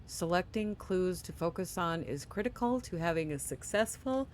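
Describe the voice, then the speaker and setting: A gaming channel host works through a game's tutorial screens at home, reading the instructions aloud and breaking off for quick offhand remarks. The voice sits at a middle pitch and sounds sleepy, with yawns it apologises for. A faint low hum stays in the background. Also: lively intonation. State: sleepy, yawning. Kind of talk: casual let's play commentary.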